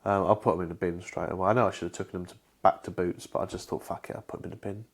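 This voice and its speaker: A man co-hosting a casual chat podcast, talking in a halting way with lots of restarts and swearing. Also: low voice, fairly even intonation. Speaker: podcast co-host.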